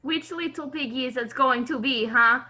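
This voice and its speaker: A gleeful, brutish henchman taunts in a sing-song way, as a woman reads him in an amateur read-through. The voice is piercingly bright and high. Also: moderate pace, slight background noise. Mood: taunting. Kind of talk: amateur script read-through over video call.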